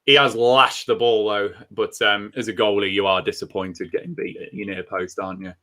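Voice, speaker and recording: Bright, forceful male host, doing enthusiastic play-by-play. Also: lowish voice, little pitch movement, moderate pace. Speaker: host of a fan watchalong stream. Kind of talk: live match commentary and chat.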